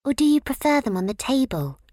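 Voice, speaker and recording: A woman's voice: high-pitched, big pitch swings, fairly quick, warm tone, no echo, clean studio sound, pitched above the performer's own voice. A woman voicing a bickering young female flower creature, insistent and protesting, in a children's storybook.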